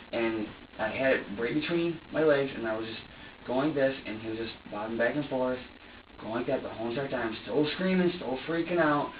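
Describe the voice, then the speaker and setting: A man in an interrogation room, recounting events to an interviewer in an agitated, profane, halting way with many restarts. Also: lo-fi sound, a little hiss or hum. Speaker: suspect in an interrogation. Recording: distant echoey low-fi room recording.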